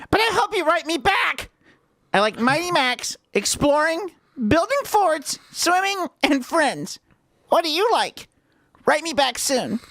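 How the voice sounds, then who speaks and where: An eager little schoolboy reads his note in a high, sing-song voice, each word slow and deliberate, as a man acts him out. The sound is dry and close, with no room around it, and the pitch bounces brightly from word to word. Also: no room sound, exaggerated voice. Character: young schoolboy writing a pen-pal note.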